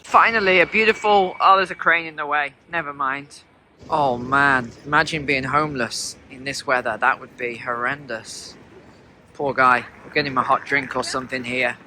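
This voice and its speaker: A man's voice: mid-range voice, fairly even intonation, moderate pace, sharp tone, slight background noise. A man talking to his viewers in a chatty way as he films a walk through city streets in the snow. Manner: chatty, talks to viewers while walking. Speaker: vlogger. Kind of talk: walking travel vlog commentary.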